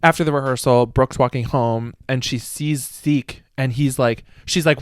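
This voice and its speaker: A man's voice: medium pitch, steady tone, a little slow, hardly any pauses, clean tone, dry recording. A man recapping a book casually on a podcast, rambling and swearing, laughing at the silly plot. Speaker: podcast host.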